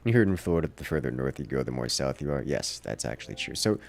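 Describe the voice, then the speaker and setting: A man's voice: a bass voice, sing-song, quick pace, creaky. A man from the Southern United States with a Southern accent, chatting casually and wryly while playing a game on a livestream. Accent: generic Southern US. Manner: rambling, wry, self-deprecating asides. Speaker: livestream gamer.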